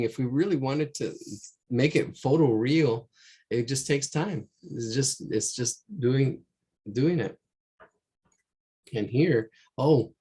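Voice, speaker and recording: An art teacher works through a painting on a shared screen during a live online drawing lesson, chatting casually and repeating himself as he rambles. His voice is medium in pitch with a darkish tone, captured by a computer mic.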